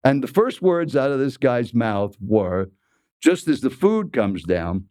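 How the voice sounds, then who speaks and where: Male speaker, 80s: lively storyteller, talks straight to the listener, dry close sound. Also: medium pitch, slow pace, no room sound. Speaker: keynote speaker and speech coach. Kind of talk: storytelling keynote talk.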